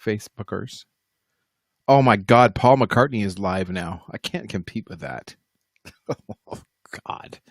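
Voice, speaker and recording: A man with a low, gravelly voice and a husky edge hosts a relaxed live stream from home. He rambles, jokes at his own expense and talks right to the chat. The sound is close and dry. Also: unhurried, no room sound. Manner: rambling, self-mocking, talks straight to the chat. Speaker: livestream host and musician.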